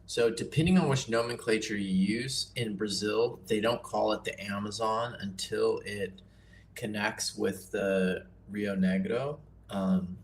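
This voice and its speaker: A man casually teaching nature journaling on a livestream, relaxed and chatty with self-deprecating asides. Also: on the low side, unhurried, slight background noise.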